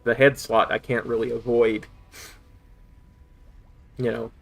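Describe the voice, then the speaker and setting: A man's voice: mid-range voice, flat delivery, slow, vocal fry, crowd noise. A man streaming a game, chatting casually with viewers, with a slight lisp from a sore tongue. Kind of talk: casual live-stream chat.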